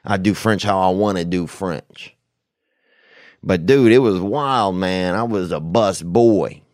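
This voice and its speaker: A man's voice: low voice, takes it slowly, no room sound, clean studio sound. A man hosting a talk show, telling rambling comic stories full of slang and swearing. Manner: profane, animated, slangy. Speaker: podcast host answering listener questions. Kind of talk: rambling comedic storytelling.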